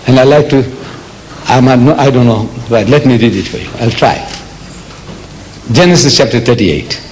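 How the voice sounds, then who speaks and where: An older man from South Africa giving a public religious lecture, emphatic and deliberate, with rhetorical questions to the audience. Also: mid-range voice, lively intonation, darkish tone, a little hiss or hum, rough recording. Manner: slow, deliberate delivery with dramatic pauses.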